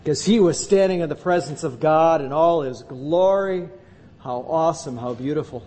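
A man's voice: normal speed, warm tone. A male pastor preaching a sermon in a church, emphatic and repeating words for weight. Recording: long reverb with faint rumble.

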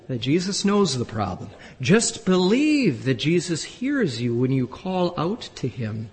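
Emphatic preacher in an echoing hall. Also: male voice, fairly high pitch, sing-song, a little slow, few pauses, breathy edge. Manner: emphatic preaching, rising to loud exclamations. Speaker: pastor. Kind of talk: sermon. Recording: echoey hall from a distance.

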